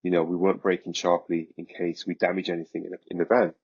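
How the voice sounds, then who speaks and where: A man, a podcast guest, recounting a story in a vivid, animated way. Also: sits low, quick pace, husky, lo-fi sound. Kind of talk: casual storytelling.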